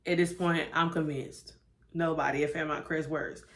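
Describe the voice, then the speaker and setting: Woman reviewer, animated and chatty, acts out lines while recapping an episode. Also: low voice, normal speed. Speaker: TV show reviewer.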